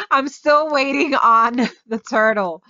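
Bubbly excitable woman gaming host. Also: high-pitched, slow pace, dry recording, dull audio. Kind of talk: excited game commentary.

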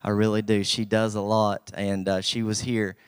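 A man's voice: fairly low pitch, flat delivery, normal speed, clean tone, dry recording, clean studio sound. A young man from Southwest Virginia with an Appalachian accent, preaching a folksy, humble sermon that rises to emphatic bursts.

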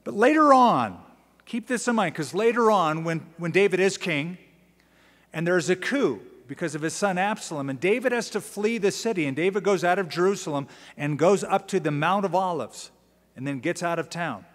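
A male pastor teaching a sermon, moving between lively storytelling, casual asides and dramatic readings of scripture. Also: high-pitched, normal speed. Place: large church sanctuary. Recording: long church-hall reverb.

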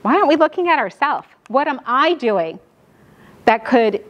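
A middle-aged woman gives a classroom lecture on caregiving. Her voice sits a little high for a woman. She talks quickly and keeps tagging her points with "right?" to pull the room along. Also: very animated, fairly bright tone, highs cut off. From New York. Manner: fast-talking, frequent "right?" checks with the audience. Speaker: lecturer on dementia care.

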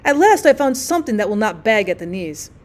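A woman's voice: medium pitch, very animated, a little fast, close to an everyday voice. A woman reading the part of a cheerful, soothing former dandy who became a monk. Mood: serene. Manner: easygoing, soothing.

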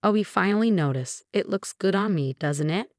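A woman's voice: low-pitched, animated, normal speed, dry recording, studio quality. A woman reading the lines of a bossy, scolding older mother-in-law in a story. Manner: scolding, shameless.

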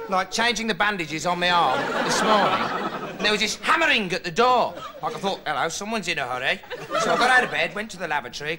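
A dim, rambling TV investigator. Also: male voice. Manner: rambling, deadpan, voice jumps up high when quoting people. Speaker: comic character monologue. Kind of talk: 1980s TV sketch comedy monologue. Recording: noisy old TV recording with loud studio audience laughter. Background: studio audience laughing.

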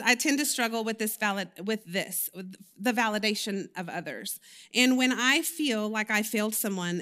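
A lay preacher's sermon here is personal and conversational: she speaks frankly and confessionally in a church, with many fillers and self-corrections along the way. Her mid-range voice leans a bit bright.

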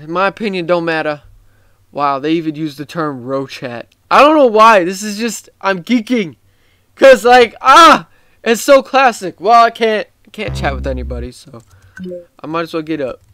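A man with a high, smooth voice rambles through casual gameplay commentary, excitable and quick to swear. He is tired and talks at an unhurried pace. The sound is close and dry. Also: dry recording. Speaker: gaming YouTuber.

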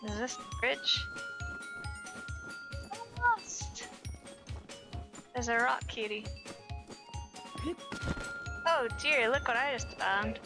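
A woman's voice: fairly high pitch, very animated, drawn-out words, long pauses, over music. A woman streamer talking casually and self-mockingly over her gameplay. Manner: chatty, self-mocking, giggly.

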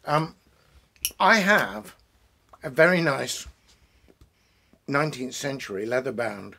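Gravelly-voiced man rambling among his books. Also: mid-range voice, big pitch swings, sharp tone, slight background noise. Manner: rambling, digressive, with many restarts and asides; pausing for pipe and drinks while talking. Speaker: poet hosting a reading. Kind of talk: casual chat introducing poems. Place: home study lined with bookshelves.

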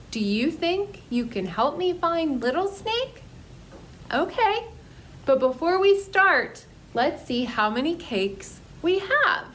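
A woman's voice: sits high, a little hiss or hum. A woman who is a children's librarian, leading a toddler story time in a coaxing sing-song style. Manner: slow, bright sing-song, coaxing little listeners.

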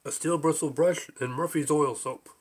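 A man voicing a deadpan talking lockbox. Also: a little high, moderate pace, slightly rough.

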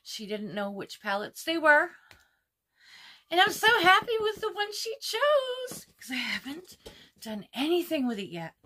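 This beauty vlogger, a woman in her fifties, gives a relaxed makeup tutorial at home, gushing over the colors and dipping into a soft whisper at moments. Her voice sits high with big swings in pitch, and she keeps a measured pace.

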